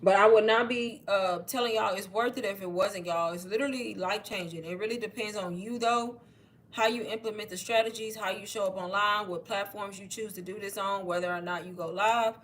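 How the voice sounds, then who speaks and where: A woman chats straight to her livestream viewers. She is a little out of breath and keeps calling them "y'all" as she pitches online courses in a relaxed, talkative way. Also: a little fast. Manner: chatty, addresses viewers as y'all. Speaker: online marketing creator. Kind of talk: casual livestream sales talk.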